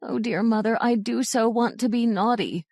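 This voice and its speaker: A woman's voice: moderate pace, darkish tone, dry recording, studio quality. A woman doing small pleading little girls. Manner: sobbing, pleading, higher child voice.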